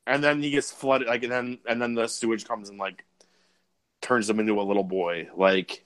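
Animated, profane male podcast co-host. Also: on the low side, moderate pace, dry recording. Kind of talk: casual movie review chat.

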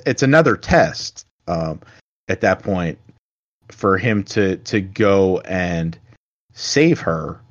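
A man chatting casually about a film, halting and meandering, with casual swearing. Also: low-pitched. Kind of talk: casual movie discussion. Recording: dull lo-fi sound.

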